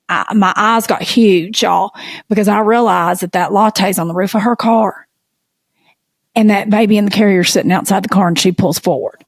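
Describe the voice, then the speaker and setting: Southern woman co-host, spins lively folksy yarns, dead-dry mic sound. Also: mid-range voice, dry recording. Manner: animated, folksy storyteller. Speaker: podcast co-host. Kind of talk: casual storytelling chat.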